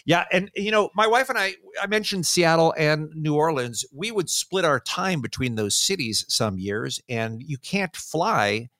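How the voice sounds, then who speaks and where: A man who hosts a radio show, talking in a relaxed, measured way from his home studio. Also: a little high, no room sound. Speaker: radio host. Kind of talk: remote interview chat. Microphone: home studio microphone.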